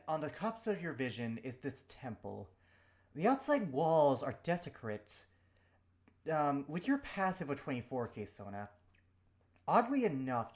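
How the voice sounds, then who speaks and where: Casual male game master. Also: fairly high pitch. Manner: casual, with fillers. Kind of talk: narrating a tabletop game.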